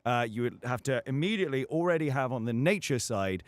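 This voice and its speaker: A man's voice: mid-range voice, lively intonation, fairly quick, no room sound. A young British man, a voice actor being interviewed, explaining things thoughtfully with frequent fillers. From United Kingdom. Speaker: voice actor guest. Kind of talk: casual interview on a livestream.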